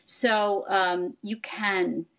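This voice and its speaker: A woman's voice: mid-range voice, fairly even intonation, extremely slow, a bit bright. An older woman, a psychoanalyst, explaining things in conversation and acting out quoted parents. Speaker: psychoanalyst guest. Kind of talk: expert conversation.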